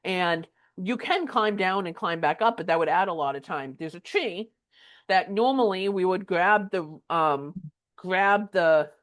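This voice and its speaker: A woman hosting a podcast, telling a story in a casual, animated way with lots of filler words. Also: lowish voice. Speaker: podcast host.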